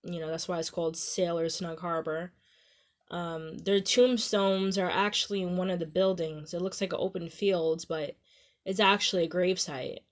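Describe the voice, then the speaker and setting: A woman's voice: fairly low pitch, steady tone, normal speed. A young woman with a Staten Island New York accent, talking casually to her viewers in a rambling way, full of "you know" and "um". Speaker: vlogger. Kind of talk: casual talk to camera.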